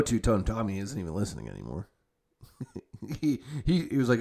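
With a fairly low pitch, big pitch swings, and vocal fry, this young adult man speaks at normal speed while hosting a podcast. He chats casually, rambling and swearing freely, often restarting and correcting himself amid plenty of fillers.

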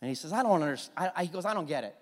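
A man preaching a sermon as pastor, lively and joking, acting out little quoted exchanges. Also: fairly high pitch, racing. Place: church sanctuary. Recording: long church hall reverb.

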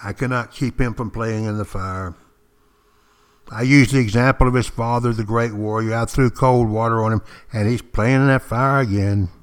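A firm older sister figure, put on by a man telling a story, scolds her little brother with pointed, teacherly questions. The voice stays close to his ordinary middle-pitched speaking voice. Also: steady tone, normal speed, smooth, natural voice. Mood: exasperated.

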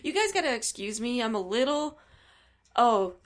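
Animated woman telling a story in casual chat. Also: on the high side, moderate pace. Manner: animated storyteller, acts out quotes, laughs often. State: a little hungover.

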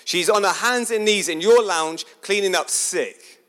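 A lively man gives a sermon-style talk in a casual, chatty way. He keeps asking his listeners questions, and his voice sits a touch high for a man. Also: a little slow. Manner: animated, chatty, asks the audience questions.

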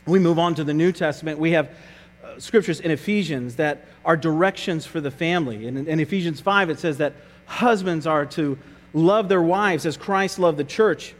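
Man, pastor, sermon, earnest, conversational, high-pitched, long hall reverb. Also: moderate pace. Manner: earnest, conversational, frequent repeated words.

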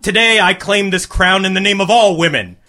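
A man's voice: sits high, brisk, pitched above the performer's own voice. A man doing a proud, defiant woman champion. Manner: proud, yelling into a mic.

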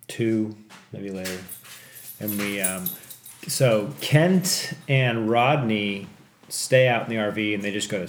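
A man tells a story from his own life in a loose, rambling way, swearing freely and bursting out when things get tense. He is recorded in an echoey room, with a faint hiss of noise behind him. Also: fairly low pitch. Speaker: podcast host telling a story. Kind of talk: casual storytelling.

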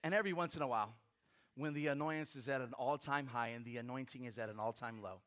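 Bright-voiced man preaching a sermon. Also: medium pitch, fast. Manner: preaching with big swings from loud to hushed; humorous personal asides to the congregation. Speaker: pastor.

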